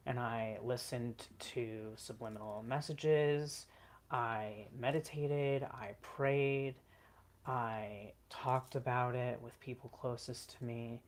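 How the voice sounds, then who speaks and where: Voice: mid-range voice, a little hiss or hum. A vlogger telling a personal story in an earnest, emotional way, with frequent "like" and "um" fillers.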